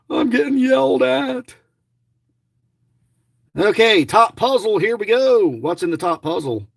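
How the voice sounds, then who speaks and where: High-voiced, rambling middle-aged man. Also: lively intonation, a little slow, creaky, long pauses, dry recording, studio quality. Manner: rambling, chatty, grumbling, jokey. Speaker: lottery scratch-off vlogger. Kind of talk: casual running commentary to viewers.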